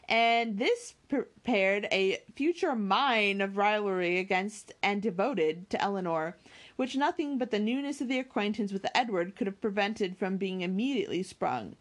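A woman reading a classic novel aloud, with occasional slips and self-corrections. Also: mid-range voice. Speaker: audiobook reader.

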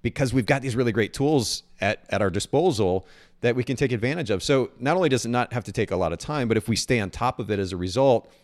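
A man's voice: medium pitch, lively intonation. A man hosting a podcast, chatting enthusiastically and often restarting his sentences. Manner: fast, enthusiastic, repeats words and restarts. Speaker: podcast host. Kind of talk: casual interview chat.

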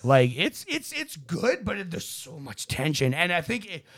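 A man's voice: high voice, very animated, normal speed, fairly bright tone. A man on a casual podcast, rambling and swearing as he acts out quotes in voices. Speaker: podcast co-host.

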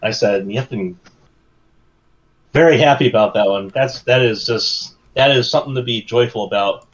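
A man's voice: medium pitch, moderate pace. A man on a casual podcast, telling stories in a rambling, meandering way. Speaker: podcast co-host. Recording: dull lo-fi sound.

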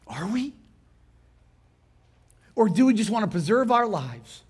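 Male pastor with a high voice, preaching in a conversational style and quizzing the congregation. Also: big pitch swings, a little slow, a little mellow, slightly rough. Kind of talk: sermon.

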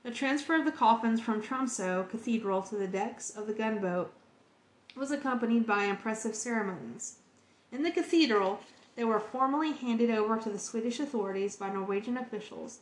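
A woman's voice: on the high side, normal speed, echoey room. A woman hosting a podcast, reading encyclopedia entries aloud in an earnest, heartfelt way. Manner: earnest, emotionally moved reading.

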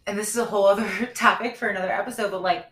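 With a mid-range voice and a very fast pace, this woman in her thirties co-hosts a casual podcast recorded in an echoey room. She's candid about a personal story and reenacts the dialogue of those involved in an animated way.

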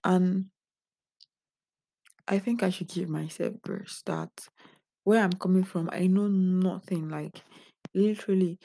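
A young woman confides in her viewers, worn out and earnest. Her voice is low, gravelly and mellow. The sound is close and dry. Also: slow pace, long pauses, no echo. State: emotionally drained. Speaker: vlogger. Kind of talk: candid personal vlog.

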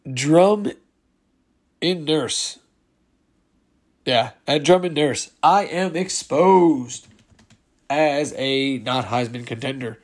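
Man, higher-pitched voice, solo podcast host, casual chat, reading listener replies aloud, chuckling.

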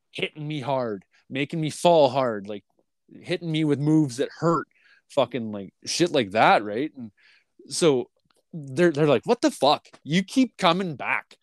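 A podcast host tells a long story in casual talk, rambling and swearing constantly, full of fillers and restarts. His voice is on the high side, and the recording is dry.

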